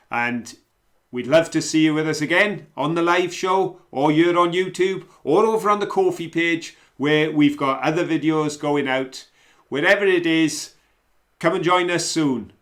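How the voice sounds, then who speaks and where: A man chatting casually outdoors by a lake as a vlog host, self-mocking and relaxed. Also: on the high side, normal speed.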